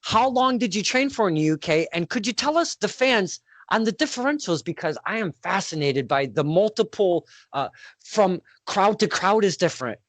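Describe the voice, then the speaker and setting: A man's voice: high voice, expressive, moderate pace, dry recording. A man hosting an interview over a video call, rambling and self-deprecating in his questions. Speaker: interviewer and host. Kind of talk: casual interview.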